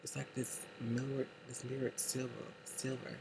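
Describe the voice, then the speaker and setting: A man's voice: medium pitch, moderate pace, creaky, noisy background. Gushing, cursing male makeup vlogger. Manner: gushing, excitable, heavy cursing. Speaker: beauty vlogger. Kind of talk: casual makeup unboxing vlog. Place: indoor room lit by a makeup light.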